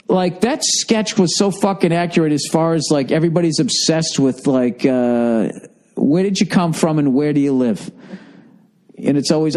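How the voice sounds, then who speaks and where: A man's voice: on the high side, moderate pace, a little mellow. A middle-aged man hosting a solo podcast, rambling in a profane, exasperated comic rant, overfull and thirsty. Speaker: podcast host.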